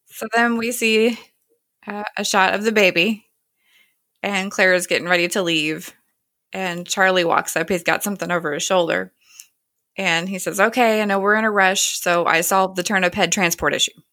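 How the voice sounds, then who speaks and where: A woman's voice: medium pitch, steady tone, normal speed, sharp tone, dry recording, studio quality. A woman hosting a podcast, casually recapping a TV episode scene by scene and lightly voicing the characters as she goes.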